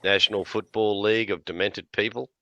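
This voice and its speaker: Here the Australian host's voice sits lowish and moves briskly over lo-fi audio. Laughing often and swearing without restraint, he keeps the live stream going with jokes and energetic storytelling.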